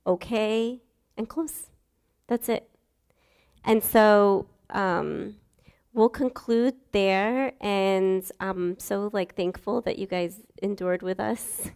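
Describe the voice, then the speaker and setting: A woman's voice: mid-range voice, gravelly, darkish tone, clean tone. A young woman giving a casual, earnest sermon, chatty and acting out Bible figures as she goes.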